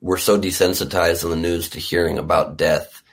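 A male interview host with a very deep, gravelly voice. He reacts with audible awe and asks earnest, searching questions. His pitch sits low with a rough, crackling texture. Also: little pitch movement, moderate pace. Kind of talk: conversational interview.

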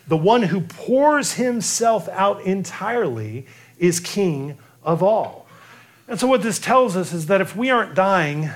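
A man preaching a sermon, earnest, repeating and restarting phrases as he builds his points. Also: sits high. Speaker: pastor.

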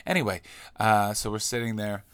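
A man's voice: lowish voice, level tone, dry recording. A man, a comedian, telling a story in a casual monologue, swearing freely and ranting. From Canada. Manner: profane, ranting, quick shifts in loudness.

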